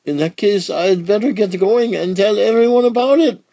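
A man voicing a frantic, excitable mailman. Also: high-pitched, moderate pace, gravelly, no echo, lo-fi sound, pitched above the performer's own voice. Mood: eager. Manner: excitable, exclamatory.

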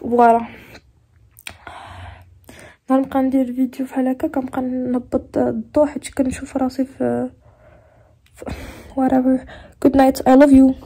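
A woman's voice: sits high, flat delivery, rapid-fire, pauses often, warm tone, husky. A young woman with a Moroccan accent chatting casually in a vlog, switching languages freely and sounding tired and sleepy. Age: young adult. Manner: chatty, switches between English, French and Darija. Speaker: vlogger.

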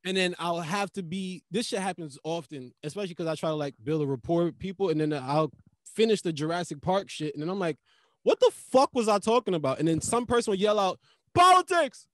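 Animated, profane male comedian guest. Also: a little high, quick pace, dry recording, studio quality. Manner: loose, profane, animated storytelling. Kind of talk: casual podcast chat.

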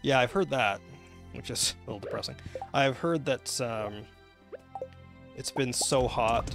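A man with a Canadian accent talks through a live game stream at an easy, middle pitch. His voice is gravelly, full of fillers and restarts as he chats with his viewers. Game music plays clearly behind him. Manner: rambling, chatty, many fillers and restarts. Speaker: gaming livestreamer. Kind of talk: live gameplay commentary, chatting with viewers.

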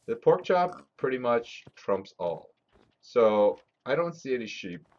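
Streamer type: man, mid-pitched, exasperated and profane, slightly dull lo-fi audio. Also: sing-song, unhurried, darkish tone. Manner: frustrated, swearing, talks to chat. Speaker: gaming streamer. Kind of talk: live game commentary. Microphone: desk mic.

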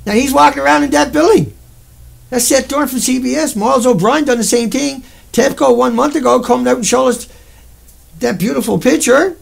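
A man with a Newfoundland accent hosts a livestream and rants in a heated, rambling, profane way. His voice sits high for a man and has a gravelly, fry-laden edge. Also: normal speed. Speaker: livestream host. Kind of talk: angry livestream rant.

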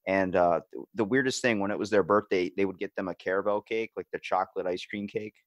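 A man hosting a podcast in casual chat, telling stories with animated quoted voices and cursing. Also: low voice, fast talker, dry recording. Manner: animated storyteller, acts out quotes, swears. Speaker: podcast host.

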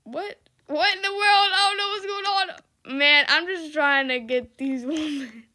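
A young woman gaming YouTuber gives casual commentary on her gameplay, giggling and laughing often, exclaiming, shrieking for help, and reading chat aloud. Her voice sits high with a sharp tone, and she speaks unhurriedly.

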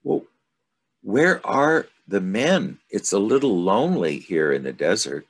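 A man's voice: lowish voice, very animated, a little slow, breathy edge, pitched above the performer's own voice, heavily acted. A man doing a wondering little prince. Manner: earnest, wondering questions. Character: gentle curious young boy prince from a star.

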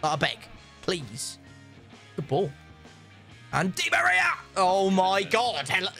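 Young male gaming host, bright and expressive, chatty banter over a match. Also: sits high, slow pace, gravelly, soft background music. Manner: laughing, banter-heavy. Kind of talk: casual gameplay commentary.

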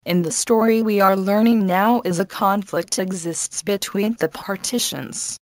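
A woman teacher reading an English lesson and a story aloud, slowly and carefully. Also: mid-range voice, no room sound. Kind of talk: scripted lesson narration.

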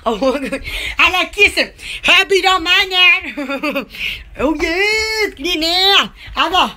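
A woman's voice: extremely high pitch, expressive, slow, pushed and bright. A woman who runs a small shop, chatting casually on a live stream, giggly and silly, blowing kisses and using many fillers. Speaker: small shop owner promoting her products.

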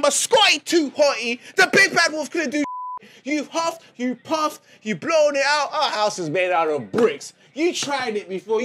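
A man reacting to a football goal, shouting cheers and teasing the rival fans in a sing-song rhyme. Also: very high voice. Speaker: football fan. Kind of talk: live match reaction.

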